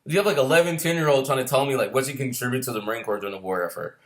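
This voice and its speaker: This former Marine turned screenwriter, a middle-aged man, races through casual stories in a mid-range, fairly bright voice. He rambles, curses freely, and keeps starting his sentences over.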